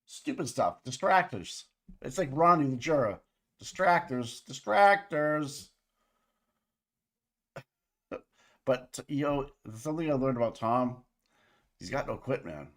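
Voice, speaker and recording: A man's voice: mid-range voice, animated, measured pace, fairly bright tone. A man co-hosting a livestream in casual, profane, rambling chat with his viewers. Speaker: livestream co-host.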